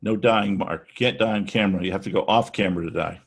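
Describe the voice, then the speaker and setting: A man's voice: sits low, quick pace, gravelly, slightly rough. A middle-aged man presenting a sales webinar in a loose, chatty way, often restarting his sentences. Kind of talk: casual sales webinar talk.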